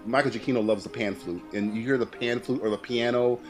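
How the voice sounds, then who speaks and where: A man's voice: medium pitch, steady tone, a little fast, soft background music. A man co-hosting a podcast in casual chat, rambling with frequent restarts, swearing and laughing often. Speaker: podcast co-host.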